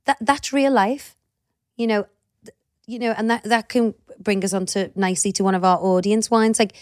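A woman's voice: medium pitch, steady tone, normal speed, no echo, studio quality. A woman in her thirties co-hosting a podcast, chatting casually and animatedly, swearing now and then. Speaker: podcast co-host. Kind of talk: casual chat.

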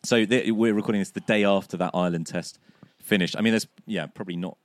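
A man co-hosting a casual cricket podcast outdoors, slightly hoarse from laryngitis, chatty and self-deprecating with many restarts. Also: on the low side, fairly even intonation, fast, no room sound. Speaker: podcast co-host. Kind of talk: casual chat. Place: outdoors, sunny and breezy.

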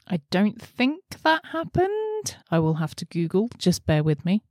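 A woman's voice: mid-range voice, huge pitch swings, a little slow, few pauses, darkish tone, no room sound, clean studio sound. A woman hosting her channel, chatting casually to camera from a messy bedroom office, giggling and poking fun at herself. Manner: chatty, giggly, self-deprecating. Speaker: channel host. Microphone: laptop setup with headphones.

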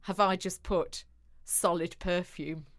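A woman's voice: on the low side, fairly even intonation, slow pace. A woman co-hosting a casual chat, telling a funny story with acted-out dialogue and frequent laughter. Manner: chatty storyteller, laughs often, acts out dialogue. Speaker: podcast co-host.

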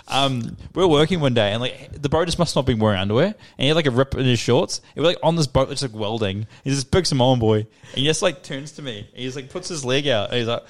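A man's voice: mid-range voice, expressive, fast talker, few pauses. A man co-hosting a podcast, rambling through crude stories full of slang, swearing and laughter. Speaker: podcast co-host. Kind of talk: casual crude chat.

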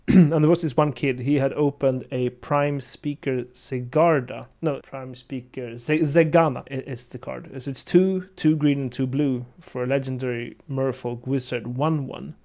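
A man hosting a casual podcast chat, telling stories in an animated way and laughing often. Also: medium pitch. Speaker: podcast host.

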